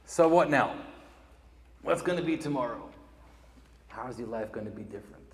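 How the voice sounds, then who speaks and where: A man's voice: mid-range voice, animated, normal speed. A man with an Israeli accent, a native Hebrew speaker, giving an emphatic graduation speech and putting questions to the audience. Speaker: commencement speaker. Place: large event hall. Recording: echoey hall with long reverb.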